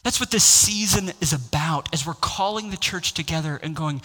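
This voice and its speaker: A man's voice: a little high, moderate pace, pushed and bright. A man preaching a sermon as pastor, impassioned and building to raised exclamations. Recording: long hall reverb.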